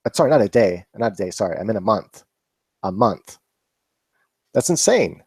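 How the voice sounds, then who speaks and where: Relaxed, low, dark-voiced man. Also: normal speed, husky, dry recording. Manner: casual, rambling, laughs and swears often. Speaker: vlog host answering viewer questions. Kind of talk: rambling live Q&A chat.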